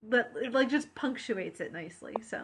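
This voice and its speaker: A woman's voice: fairly high pitch, expressive, moderate pace, vocal fry, fairly bright tone, a little hiss or hum. A woman co-hosting a podcast in casual chat, chatty and rambling with many fillers. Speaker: podcast co-host.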